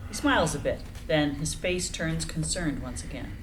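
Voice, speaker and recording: A woman narrating the action lines of a screenplay reading in an even, descriptive way. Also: sits low, normal speed, slight background noise, low-quality recording.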